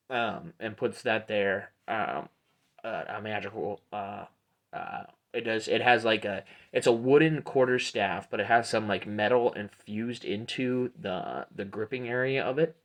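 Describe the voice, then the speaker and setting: A man's voice: lowish voice, measured pace. Easygoing male game master. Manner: relaxed, rambling with many fillers. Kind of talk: narrating a tabletop game.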